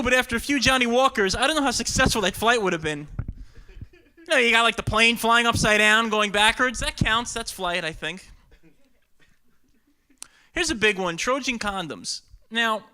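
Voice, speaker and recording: High bright-voiced New comedian. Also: male voice. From Brooklyn, New York. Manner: animated, jumps into quick voices for characters. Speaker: stand-up comedian and guest. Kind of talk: stand-up routine, then casual interview chat.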